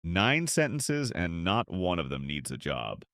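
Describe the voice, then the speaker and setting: A man teaching beginner English in a slow, clear, scripted way, pausing so listeners can repeat. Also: deep voice, wildly swooping pitch, fairly bright tone, no echo, clean studio sound. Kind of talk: slow scripted lesson for learners.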